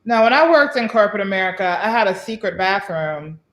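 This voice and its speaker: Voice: mid-range voice, animated, a little fast, a bit bright, highs cut off. A podcast co-host in casual chat, blunt, sardonic and profane, laughing now and then. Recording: roomy echo.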